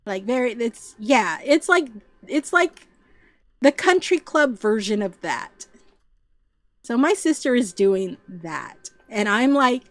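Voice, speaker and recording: A woman streamer telling stories in a casual, animated chat, often acting out the voices of the people she quotes. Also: a little high, slow pace, dry recording. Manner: animated, puts on voices when quoting people; chatty, frequent fillers and restarts. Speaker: VTuber streamer.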